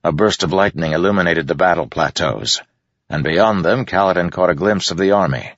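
A man narrating a fantasy audiobook with a steady, measured reading, in a dull, dry recording. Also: sits low, no room sound.

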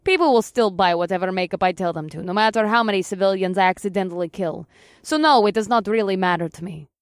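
A woman's voice: medium pitch, quick pace, no room sound, studio quality, lightly acted. Woman doing a haughty Russian superheroine. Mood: cold. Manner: haughty, disdainful. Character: vain, self-centered Russian superheroine, adult woman. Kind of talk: audiobook character voice.

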